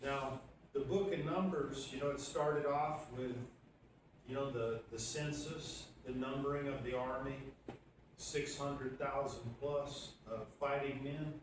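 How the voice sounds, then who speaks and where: A man's voice: medium pitch, fairly even intonation, measured pace. A man preaching a conversational sermon, teaching verse by verse and asking the congregation questions. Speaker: pastor. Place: church sanctuary. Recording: echoey church room from far off, audible background noise.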